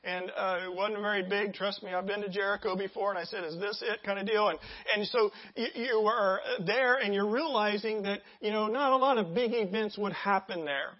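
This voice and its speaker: A pastor preaching a sermon in a lively, conversational way, asking the congregation questions and acting out scenes. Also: medium pitch, fairly quick, muffled recording. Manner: animated, conversational, acts out scenes.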